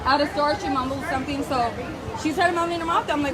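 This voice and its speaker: A woman's voice: high-pitched, fast, over a noisy crowd, poor audio. A woman angrily retelling a confrontation to police outdoors at a gas station, cursing and acting out what was said. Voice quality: profane, emphatic storytelling. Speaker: complainant talking to police. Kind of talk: heated retelling of a dispute.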